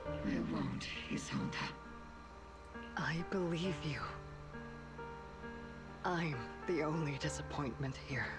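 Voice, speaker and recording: An actress voicing a grieving young woman in a game cutscene, speaking softly and half-whispered as she pleads with a lost partner. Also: low-pitched, takes it slowly, pauses often. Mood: sorrowful. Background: clear score music.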